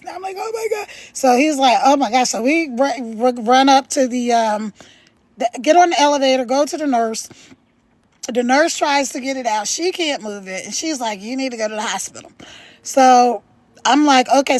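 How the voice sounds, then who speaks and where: A middle-aged woman hosting a live stream from home, telling a story in an animated, chatty way and laughing as she talks, into a phone. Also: sits high, no echo, low-quality recording. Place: at home, later walking in her backyard.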